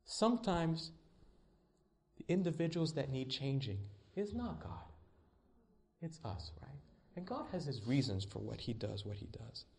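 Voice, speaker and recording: A male pastor preaching a sermon in an emphatic way, swinging between loud stretches and hushed ones. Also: mid-range voice, animated, measured pace, gravelly, pauses often.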